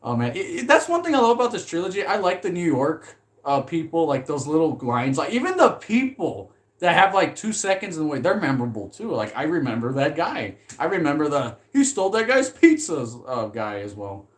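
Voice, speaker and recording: A man chatting casually about films in a loose, rambling way. He gets animated, swears freely, and laughs often between thoughts. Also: fairly high pitch, fairly quick, hardly any pauses. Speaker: movie commentary vlogger. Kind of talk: casual chat.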